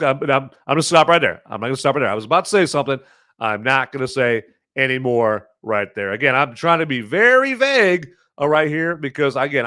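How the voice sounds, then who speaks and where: A chatty male podcast host with a bright, forceful tone, recorded dry and close. He rambles and corrects himself as he goes, punching some words and muttering others under his breath. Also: medium pitch, no room sound. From American Midwest. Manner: rambling, self-correcting, chatty with lots of fillers; animated swings between loud emphasis and muttered asides. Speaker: podcast host reviewing movies and beer. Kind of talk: casual solo commentary.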